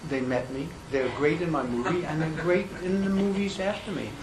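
An older man fields questions at a press conference, his slightly high voice halting and full of restarts. He is self-deprecating. The room is echoey, with steady noise behind him. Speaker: film director at a press conference. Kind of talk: unscripted press conference answers.

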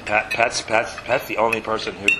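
A man as guest in a casual film chat, talking quickly and restarting his sentences often. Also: lowish voice, flat delivery. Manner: quick, restarting, self-interrupting. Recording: background noise with dish clatter.

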